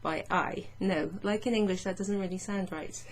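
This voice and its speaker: A woman teaching French grammar in a patient, chatty way, reading French phrases slowly and explaining them. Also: mid-range voice. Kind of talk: casual explanatory lesson.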